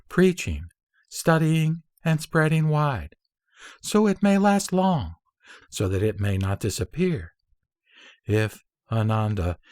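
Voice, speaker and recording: A man reading an old Buddhist scripture aloud in a measured, solemn recitation, pacing out long lists phrase by phrase. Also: mid-range voice, darkish tone, no room sound, clean studio sound.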